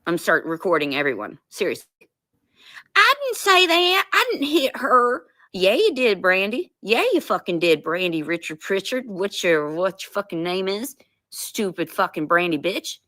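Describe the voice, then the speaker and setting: A woman's voice: on the low side, big pitch swings, normal speed, fairly bright tone, no echo, clean studio sound. A woman doing a comedic impression of a foul-mouthed, defensive woman streamer who rants and curses. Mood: ranting. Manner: ranting, cursing, mocking.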